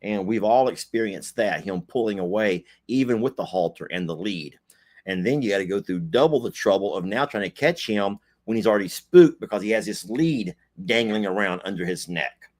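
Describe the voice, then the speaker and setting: A man's voice: on the low side, moderate pace. A middle-aged man chatting casually on a livestream in a folksy, joking way. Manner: folksy, joking, animated asides. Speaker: co-host.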